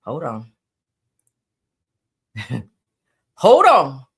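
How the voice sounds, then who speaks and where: A sassy woman streamer reads the news and fires back at it, calling out to her viewers and swearing freely. Her pitch swings up and down in an animated way while she talks. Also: extremely slow, slightly rough. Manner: sassy, emphatic, cusses, talks to viewers as y'all. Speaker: host. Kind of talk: live-stream commentary.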